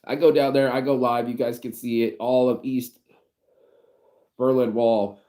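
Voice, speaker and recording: A man from the United States telling a story in a casual vlog, animated and slangy, acting out what people said. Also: mid-range voice, measured pace. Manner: animated slangy storytelling, acts out quoted voices. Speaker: vlogger.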